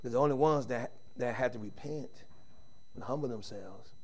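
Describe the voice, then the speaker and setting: A middle-aged man preaching a sermon, swinging from shouted emphasis to quiet, intimate speech, with informal Southern-style phrasing. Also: medium pitch, normal speed.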